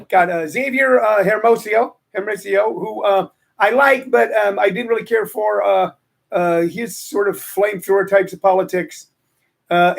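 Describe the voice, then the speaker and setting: Rambling high-voiced male host. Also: gravelly, a bit bright. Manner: rambling, opinionated, lots of fillers and repeats. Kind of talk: casual storytelling chat.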